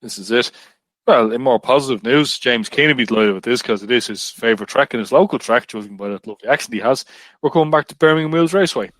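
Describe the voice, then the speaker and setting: A man hosting a podcast, joking and moving briskly through the topics. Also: medium pitch, fairly bright tone, no room sound. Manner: brisk, jokey, runs the segments. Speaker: podcast host. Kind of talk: casual podcast chat.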